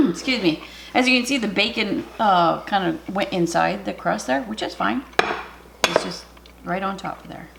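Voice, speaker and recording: A woman hosting a casual home cooking video, chatty and excitable, talking straight to her viewers. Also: medium pitch, slow pace, gravelly, very noisy. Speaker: cooking vlogger. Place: home kitchen.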